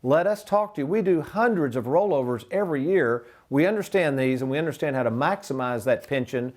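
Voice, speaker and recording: An older man hosting a retirement planning show, speaking in a folksy way and calling his viewers "folks." His voice sits a little higher than most men's as he steps through the figures for them. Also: expressive, brisk. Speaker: financial advisor and show host.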